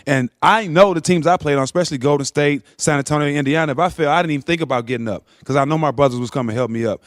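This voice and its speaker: A former basketball player is a guest in the studio. He talks fast and earnestly, in a fairly high voice for a man, as he breaks down team play. The mic sounds close and dry. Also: no echo. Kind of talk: casual sports talk.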